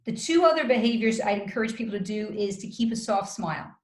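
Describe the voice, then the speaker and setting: A woman working as a communication coach gives advice in an interview, in a measured, instructive way. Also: a little high. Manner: measured, instructive, acts out calm example phrases. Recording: roomy echo.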